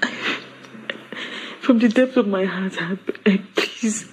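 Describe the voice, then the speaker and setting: A remorseful young wife with a Nigerian accent, pleading for forgiveness in a slow, breathy voice. She stammers and repeats herself as she begs, soft and unhurried, in a film drama scene. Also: mid-range voice, rough recording.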